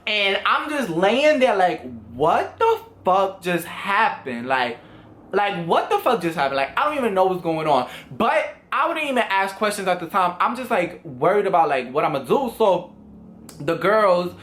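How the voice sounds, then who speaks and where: Animated high-voiced young man. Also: moderate pace, slight background noise. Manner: animated, swearing, acts out quoted voices. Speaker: vlogger. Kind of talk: casual storytime vlog.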